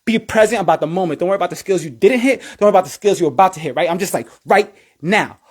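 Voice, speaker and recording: A man in his thirties, a cheer coach, telling an energetic story and acting out his own thoughts in high voices. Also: very fast, breathy edge. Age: 30s. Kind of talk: animated storytelling.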